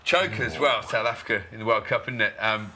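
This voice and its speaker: A man co-hosting a cricket show, telling quick anecdotes in a casual, laughing chat. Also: fairly low pitch, sharp tone, slight background noise. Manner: chatty anecdotes, laughs often. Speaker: cricket show co-host, former player.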